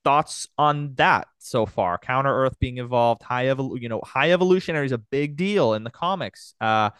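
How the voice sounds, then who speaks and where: A man hosts a casual podcast chat in a mid-range, fairly bright, clean voice at normal speed. The recording is dry and clean, studio-grade. He's enthusiastic and rambling, with lots of fillers and restarts.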